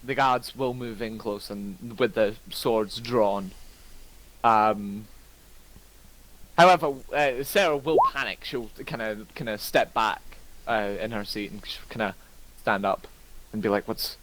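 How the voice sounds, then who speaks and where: Slow-talking male game master. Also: on the low side, noisy background. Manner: relaxed, with many ums and kinda. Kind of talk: narrating a tabletop game.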